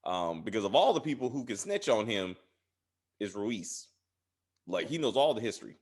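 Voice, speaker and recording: Animated man recapping a TV drama. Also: lowish voice, moderate pace. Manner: animated, acts out character lines. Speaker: podcast co-host. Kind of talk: casual TV recap chat.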